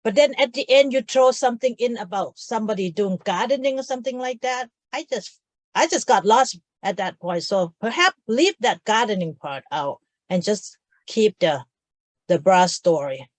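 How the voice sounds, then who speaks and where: A woman's voice: a little high, animated, normal speed, no echo. A woman giving plain, direct feedback at a club meeting.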